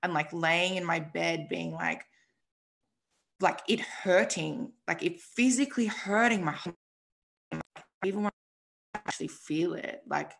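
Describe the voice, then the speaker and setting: A young woman speaks in a low, gravelly voice. She tells her personal story candidly and emotionally as a podcast guest, swearing freely and filling gaps with "like". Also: measured pace, long pauses, a bit bright. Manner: emotional, frank, swears freely, says "like" often.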